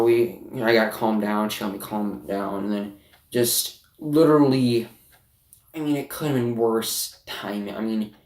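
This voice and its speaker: A teenage boy speaks to his camera in a low-pitched, sniffly voice. He stumbles through fillers and broken restarts. The sound is roomy, with his voice set back from the mic. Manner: halting, with many fillers and restarts. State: sniffly, emotional. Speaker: vlogger. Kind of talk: personal confessional vlog. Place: bedroom at home. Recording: roomy, from some distance.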